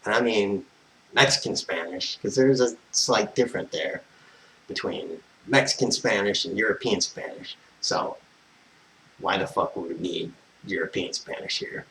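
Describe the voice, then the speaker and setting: A man's voice: fairly low pitch, a little slow, pushed and bright, slight background noise, poor audio. Profane, exasperated man ranting. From United States. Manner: profane, exasperated, tangent-prone. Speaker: vlogger. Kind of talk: ranting personal story.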